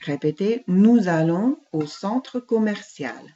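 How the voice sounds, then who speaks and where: In this dull, lo-fi classroom recording, a woman teaches French, patiently reading phrases aloud before translating them. Her voice is medium in pitch and mellow, with lively intonation and a measured pace.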